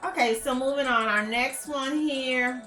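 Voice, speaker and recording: A woman's voice: sits high, a little slow, sharp tone. Chatty woman vlogging in an echoey room. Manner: chatty, gossipy, rambling with many fillers. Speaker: YouTube channel host. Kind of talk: casual commentary vlog. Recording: echoey room with faint music.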